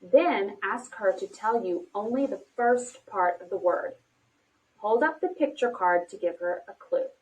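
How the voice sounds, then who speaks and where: A woman giving scripted narration for an instructional video, speaking slowly and clearly in an encouraging teacher manner. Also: medium pitch, expressive. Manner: slow, clearly paced, encouraging teacher talk. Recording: distant from the mic.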